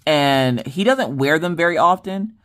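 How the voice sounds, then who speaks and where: A middle-aged woman chats to her viewers in a casual vlog. Her voice sits low, but it swings widely as she tells stories with animated exasperation. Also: measured pace. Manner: animated, exasperated storytelling addressing viewers as y'all. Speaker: crafting vlog host.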